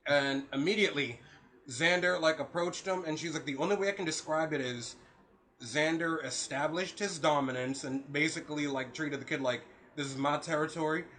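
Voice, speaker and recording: A man's voice: fairly high pitch, moderate pace. A young man in casual podcast chat, telling stories with a lot of swearing and acting out what people said. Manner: animated, profane, acts out quotes. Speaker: podcast co-host.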